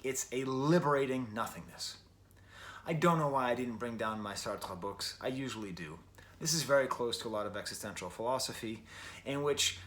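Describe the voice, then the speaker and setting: An American man talks through an album review in a loose, chatty way, circling back to fix his phrasing and dropping dry jokes along the way. His voice sits at an ordinary, mid-range pitch for a man. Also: fairly bright tone. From Western New York, USA. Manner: rambling and chatty, with frequent self-corrections and wry asides. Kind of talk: casual spoken album review.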